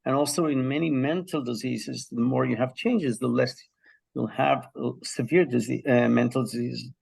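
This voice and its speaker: A man's voice: medium pitch, fairly even intonation, normal speed, vocal fry, a little mellow, slightly rough. A man from Israel, a health psychology professor, telling stories as a guest in a conversational interview, with frequent ums and restarts.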